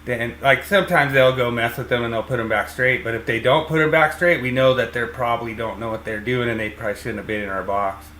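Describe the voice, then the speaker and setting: A man's voice: medium pitch, steady tone, fast, few pauses, sharp tone, slight background noise. A man hosting a podcast as an electrician, talking casually and rambling with lots of fillers and restarts. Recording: roomy echo.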